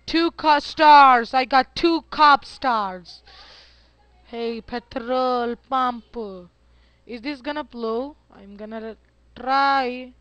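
A man talks through his gameplay in a high, bright voice, drawn out at a very slow pace. He is excitable and keeps up a running chat with himself as he plays. The sound is dry and close. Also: clear, resonant tone, no room sound, muffled recording. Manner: excitable, yelps and talks to himself while playing. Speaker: gameplay commentator. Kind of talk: casual let's-play commentary.

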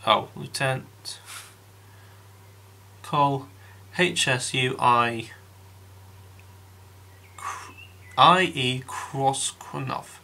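Rambling man with a bright voice. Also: mid-range voice, drawn-out words, gravelly, long pauses. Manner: rambling, hesitant, thinks aloud with many restarts; addresses viewers as guys. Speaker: scale model kit reviewer. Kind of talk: casual unboxing review.

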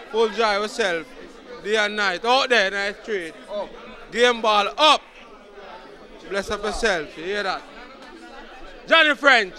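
A man with a Jamaican accent, a partygoer giving blessings and shout-outs in patois. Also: sits high.

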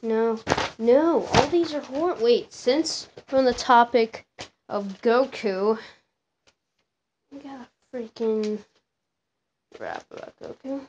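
A woman's voice: on the high side, takes it slowly, pauses often, a little mellow, lo-fi sound, a little hiss or hum. A young woman vlogging out of boredom, rambling and muttering to herself before reading out her own raps. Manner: rambling, fidgety, muttering asides. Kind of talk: bored casual vlog with rapping.

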